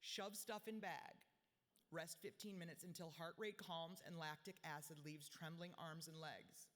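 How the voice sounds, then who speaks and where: A woman in her forties gives a blunt, self-mocking gala speech, reading from diary-style personal material in a large hotel ballroom with a long echo. Her deep voice stays steady and fairly bright, and she keeps a measured pace.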